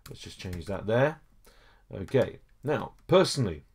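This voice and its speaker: A man's voice: on the low side, very animated, unhurried, darkish tone, a little hiss or hum. A man teaching a French lesson over a screen recording, explaining each step patiently with frequent okays and small hesitations.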